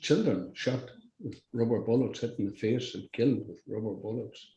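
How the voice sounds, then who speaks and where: Older Irish man, mellow halting voice. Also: mid-range voice, echoey room, muffled recording. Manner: halting, restarts sentences, blunt with swearing. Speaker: podcast guest. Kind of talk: casual conversational interview.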